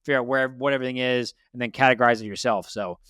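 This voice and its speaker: A man's voice: mid-range voice, steady tone, racing, a bit bright, clean tone, no room sound, clean studio sound. A man hosting a debt interview, giving blunt, lecturing advice and repeating his points. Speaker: financial advice host. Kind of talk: direct money coaching.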